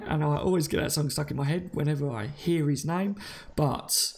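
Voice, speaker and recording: Gravelly chatty man hosting. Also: on the high side, moderate pace, darkish tone, a little hiss or hum. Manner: chatty and matey, calls listeners mate and buddy. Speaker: host of a live fan stream. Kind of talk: casual live-stream chat, reading out viewer comments.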